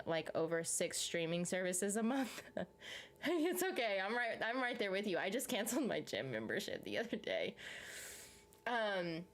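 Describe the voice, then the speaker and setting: A woman talking casually to her viewers in a loose, rambling way, with plenty of fillers and restarts. Her pitch sits in a typical middle range. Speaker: vlogger. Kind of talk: casual chat.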